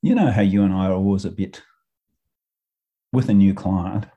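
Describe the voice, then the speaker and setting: A man's voice: low-pitched, moderate pace, mellow, husky, muffled recording. An Australian man co-hosting a coaching podcast, telling stories in a chatty way, swearing freely and laughing often. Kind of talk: casual chat.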